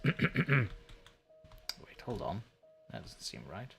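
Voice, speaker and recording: A man's voice: lowish voice, takes it slowly, pauses often, faint music behind. A man hosting a let's play, joking and sarcastic as he talks to the creatures in the game. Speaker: gaming channel host.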